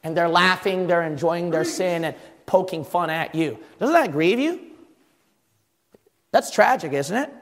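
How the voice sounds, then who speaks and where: High, lively preaching man in an echoey hall. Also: measured pace. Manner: fervent preaching with rhetorical questions to the congregation. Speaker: pastor. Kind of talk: sermon.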